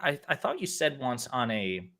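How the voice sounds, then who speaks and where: A man hosting a loose political chat over a live stream, his voice bright and forward. He rambles, teases his guest and spins comic exaggerated stories. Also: mid-range voice, huge pitch swings, normal speed. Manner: joking, rambling, teasing. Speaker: host.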